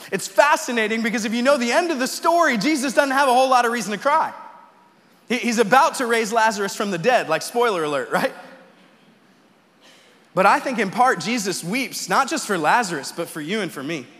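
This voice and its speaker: A man's voice: extremely high pitch, expressive, fairly quick, fairly bright tone. A man preaching a conversational sermon as a pastor, often tagging "right?" and climbing into fervent pleas. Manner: conversational preaching, tag questions, rising to fervent quoted pleas. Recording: long hall reverb.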